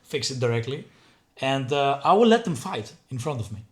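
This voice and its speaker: A man's voice: mid-range voice, big pitch swings, moderate pace. Blunt, emphatic man talking sales. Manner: blunt, emphatic, repeats himself. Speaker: head of sales, guest. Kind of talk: casual business conversation.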